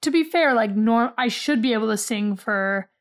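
A woman's voice: on the high side, expressive, normal speed. A young American woman, a singer who hosts a podcast, chatting animatedly with a voice worn out from a full day of singing. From United States. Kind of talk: casual chat.

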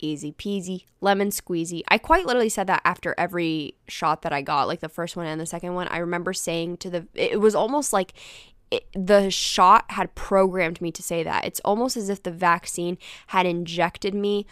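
A woman's voice: on the low side, normal speed, fairly bright tone, clear, resonant tone, dry recording, studio quality. A young woman hosting a casual solo podcast, telling stories in a rambling, self-deprecating way and swearing casually. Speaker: podcast host.

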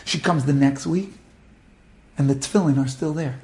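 A man giving a storytelling sermon as a religious teacher, dramatic, dropping to hushed tones and rising to impassioned peaks. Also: on the high side, normal speed.

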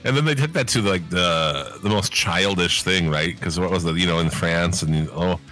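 Bright-voiced, low-pitched man swearing in casual chat. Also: moderate pace, faint music behind. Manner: rambling, swears a lot, many fillers. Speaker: podcast co-host.

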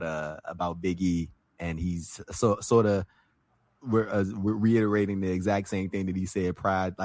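Man, podcast host, rapid talk, monotone, stop-start reading. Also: sits low, no echo. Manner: halting, many restarts, reads excerpts aloud. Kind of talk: casual podcast chat.

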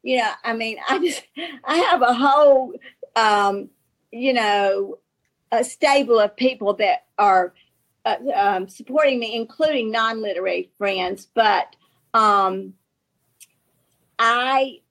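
Woman, Southern US accent, author guest, fairly high pitch, halting storytelling, frequent laughter. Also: fairly bright tone. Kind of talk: casual storytelling talk.

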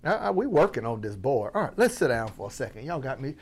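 A man from Florida coaching on business, talking to the audience as family with a playful, animated delivery. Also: medium pitch, fast, a little hiss or hum. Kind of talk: energetic motivational teaching.

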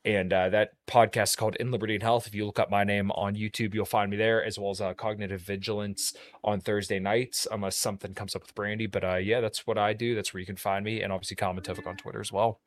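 Man, musician, podcast host, low voice, fast talk, dry sound, rambling casual plugs. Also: level tone, no echo. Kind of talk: casual chat.

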